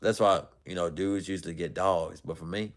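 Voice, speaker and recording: A man's voice: deep voice, fairly even intonation, moderate pace. A young man casually chatting on a livestream, reading viewer comments in a loose, rambling way and laughing often. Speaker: livestream host.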